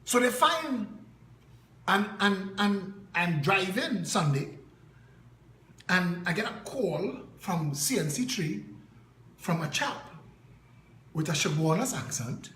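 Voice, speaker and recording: A man's voice: high voice, sing-song, slow, pauses often, a bit bright, reverberant, slight background noise, poor audio. A Trinidadian man giving an impassioned political address, telling stories with punchy repetition. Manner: emphatic storytelling, punchy repetition. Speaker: political party leader.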